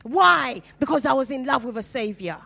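A woman's voice: high voice, animated, normal speed, gravelly, bright, forceful tone. A woman from Uganda, preaching her personal testimony in an emphatic storytelling manner. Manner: storytelling, acts out dialogue, emphatic.

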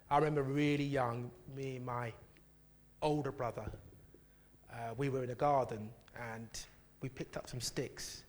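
A man preaching a sermon, telling a personal story with lively laughter and frequent asides to the congregation. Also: medium pitch. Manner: animated, laughing, keeps asking "do you know what I mean".

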